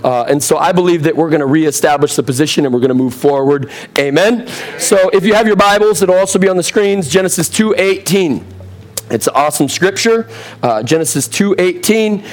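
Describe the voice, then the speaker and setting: A young man preaching a sermon as pastor, a little hoarse, telling funny stories with lively asides. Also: on the high side, fairly quick. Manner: humorous, storytelling, lively asides.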